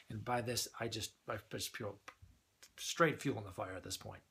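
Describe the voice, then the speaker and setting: A man telling a funny anecdote in a casual, animated way, chuckling as he goes. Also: medium pitch, fairly quick, slightly rough. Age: older than the usual young adult. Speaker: storyteller.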